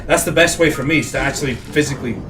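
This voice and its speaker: A man's voice: mid-range voice, racing, recorded from a distance. A man with a Scottish accent, an actor chatting and joking casually while playing a game, swearing freely. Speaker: co-host, actor.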